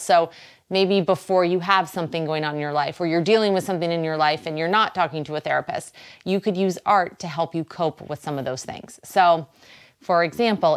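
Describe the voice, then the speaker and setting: A woman from Boston with a Boston accent, hosting a wellness show in a chatty, encouraging way and laughing easily. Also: lowish voice. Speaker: host. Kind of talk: casual wellness talk to camera.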